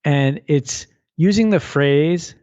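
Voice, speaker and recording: A man's voice: on the high side, takes it slowly, a little mellow, lo-fi sound. A man who is an author and guest on a radio interview, telling a parable with lots of energy and often repeating words as he restarts a thought.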